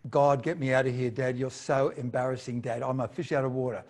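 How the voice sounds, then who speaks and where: A man's voice: medium pitch, level tone, brisk, a little mellow, voice pushed down, natural voice. A man voicing an embarrassed teenage daughter who complains in a whiny, exasperated way.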